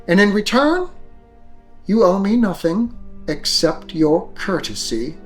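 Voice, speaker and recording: A man's voice: high-pitched, very animated, faint music behind, exaggerated voice. A man putting on a haughty vampire noblewoman. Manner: slow, haughty, condescending. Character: arrogant ancient vampire noblewoman ruling a castle.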